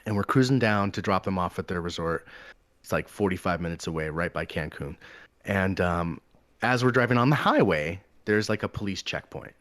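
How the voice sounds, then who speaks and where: Casting: man, low-pitched, dry close sound, profane easygoing storyteller. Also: normal speed, no echo. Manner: loose and profane, animated quoted voices. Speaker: podcast co-host telling a travel story. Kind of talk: casual storytelling chat.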